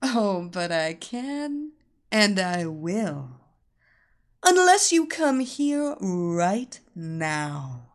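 A woman voicing a seductive, commanding woman in an audiobook, speaking slowly with a purring, domineering tone. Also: mid-range voice, big pitch swings. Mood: sultry, commanding. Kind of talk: audiobook character voice.

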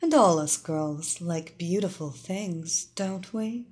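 A woman voicing a seductive female hypnotist who speaks slowly in a sultry, soothing way. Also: lowish voice, a little mellow.

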